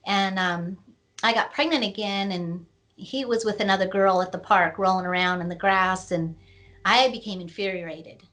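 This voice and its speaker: A middle-aged woman, an author, slowly telling a painful personal story in an interview, with many pauses and fillers. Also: medium pitch, a bit bright. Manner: slow, reflective, with many fillers. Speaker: author and guest.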